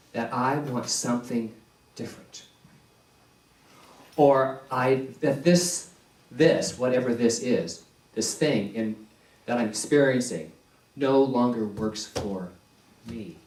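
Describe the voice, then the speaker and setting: A male minister preaching a sermon in a slow, deliberate way, repeating key phrases for emphasis. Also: medium pitch, a little mellow. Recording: echoey church hall, distant mic.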